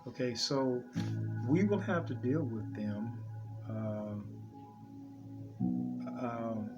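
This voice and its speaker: Rambling man over loud music. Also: mid-range voice, lively intonation, extremely slow. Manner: rambling, repeats himself, many restarts and fillers. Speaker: preacher sharing dream visions. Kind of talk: unscripted religious talk. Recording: dull lo-fi audio with loud music underneath.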